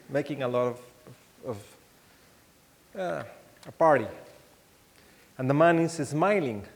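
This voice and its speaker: A man with a Mexican accent giving a keynote talk, telling anecdotes in a halting way with many restarts and acting out the voices he quotes. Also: on the high side. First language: Spanish. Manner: animated storytelling, acts out quoted voices. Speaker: keynote speaker. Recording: long hall reverb.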